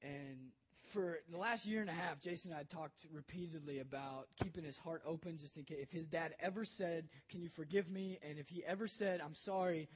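A man's voice: on the high side, brisk, few pauses, breathy edge. A young man, a youth pastor, telling an emotional personal story in a sermon, bold and conversational.

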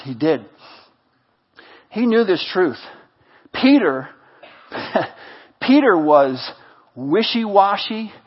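Male pastor, husky delivery, dull lo-fi sound, alternates booming urging with near-whispered repeats. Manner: swings between loud exhortation and hushed, intimate repetition. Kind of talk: sermon.

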